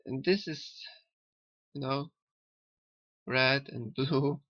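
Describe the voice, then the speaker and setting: A man who learned later in life offers loose spiritual musings on a cartoon, speaking slowly and repeating himself between halts. His gravelly mid-range voice is a bit bright. The lo-fi recording sounds dull and dry with no echo, like a close cheap mic.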